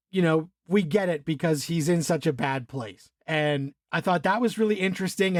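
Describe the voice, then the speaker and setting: A man co-hosting a podcast, casually talking through a film, animated, laughing and swearing as he acts out scenes. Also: high-pitched, no room sound, studio quality. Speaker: podcast co-host.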